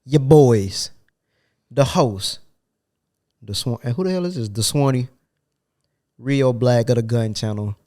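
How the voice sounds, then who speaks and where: A man's voice: medium pitch, unhurried, long pauses, dark tone. A young man hosting a podcast in casual chat, sounding stuffy and nasal from a cold, with loose, slangy talk. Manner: laid-back, loose slangy talk with frequent "you know what I'm saying". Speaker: podcast host.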